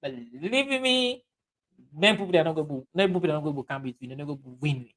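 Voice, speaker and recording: On poor audio, a man with a fairly high, expressive and slightly bright voice hosts a casual livestream and reads viewer comments. He is Sierra Leonean with a Krio accent, blends Krio with English, and talks haltingly with many fillers and restarts.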